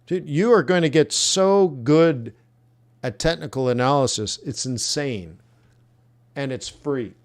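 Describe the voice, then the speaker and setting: In a live trading webinar, a male coach works through trade plans, thinking aloud and reacting bluntly. He speaks at a measured pace in an animated, medium-pitched voice.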